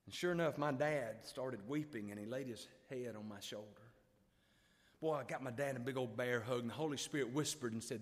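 A man's voice: medium pitch, brisk. Male evangelist, emotional storyteller, big dynamic swings, reverberant church. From Alabama. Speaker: revival preacher. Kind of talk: revival sermon storytelling. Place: church sanctuary.

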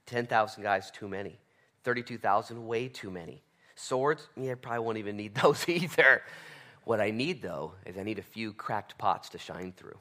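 Brief: male preacher doing God, loving and resolute, bright forceful tone, earnest declarations. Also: lowish voice, animated, moderate pace. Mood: gentle. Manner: earnest, swelling to loud proclamation. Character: God speaking, a loving, determined divine voice.

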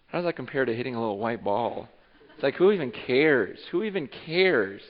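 A man preaching a sermon as pastor, acting out what listeners might say in lively bursts. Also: medium pitch, fairly quick, long reverb tail, highs cut off. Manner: animated, acts out imagined speech of listeners. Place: church sanctuary.

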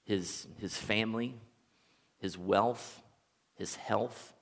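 A man preaching a sermon as a pastor, relaxed and conversational, telling stories and chuckling now and then. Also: fairly low pitch, very slow, vocal fry, in a large hall. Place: church sanctuary.

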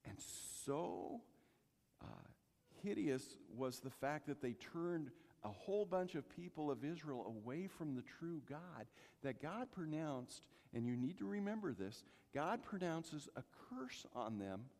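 A man preaching a sermon, telling the story with lively acting-out and speaking straight to the congregation. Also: fairly high pitch, measured pace, vocal fry, big-room sound. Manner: animated storytelling, addresses congregation directly.

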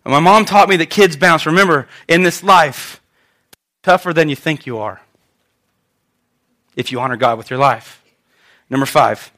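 Bright-voiced man preaching a sermon. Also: fairly high pitch, moderate pace, long pauses. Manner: conversational and animated, with stumbles and repeats. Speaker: pastor.

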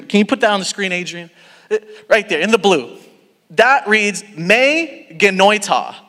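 A young man with a notably high voice preaching a sermon to a youth crowd. He tells stories animatedly, restarting and adding asides as he goes. His voice rings out in a reverberant hall. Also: a bit bright.

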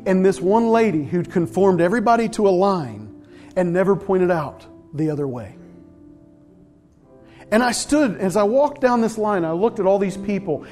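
A man preaching a sermon, telling a story with animated swings from loud outbursts to hushed asides. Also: high-pitched. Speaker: pastor.

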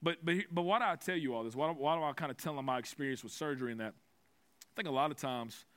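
A man's voice: fairly high pitch, fast, fairly bright tone. A young man preaching a sermon, telling a personal story with self-mocking humor before turning to scripture.

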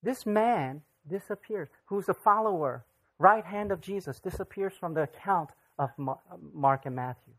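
Pastor, mid-pitched voice, relaxed sermon delivery, talks to the room with lots of rhetorical questions. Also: normal speed. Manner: conversational, asks the audience rhetorical questions.

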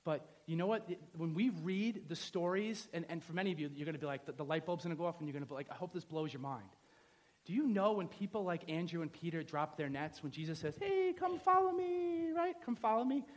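A pastor from the New York area preaching a sermon in a lively, joking, conversational way, often checking in with "right?". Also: male voice, a little high, fast talker. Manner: animated, conversational, joking, asks the audience "right?".

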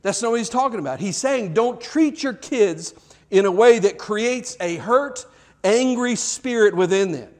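A man's voice: sits high, animated, measured pace. A man preaching a sermon to a congregation, conversational, asking the crowd questions and repeating himself as he builds points. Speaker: pastor. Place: church before a congregation.

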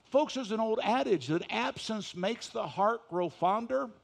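A man preaching a sermon in church, reading scripture slowly and switching between soft folksy asides and loud emphatic points. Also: sits high, animated, gravelly. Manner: reads scripture slowly with stress; folksy, talks straight to the congregation. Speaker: pastor.

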